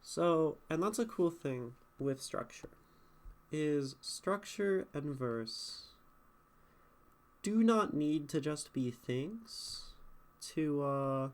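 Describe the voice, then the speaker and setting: A man's voice: on the high side, expressive, very slow. A man streaming live, critiquing a viewer's poem casually, thinking aloud and checking in with chat. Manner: thinking aloud, asks chat questions with many "right?"s.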